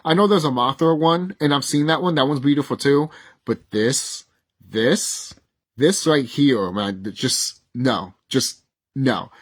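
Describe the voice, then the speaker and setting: A man in his thirties talking casually in a vlog, excitable and rambling, swearing often and stumbling over his words when he gets worked up. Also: mid-range voice, a little slow. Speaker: YouTuber. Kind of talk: casual nostalgic vlog talk.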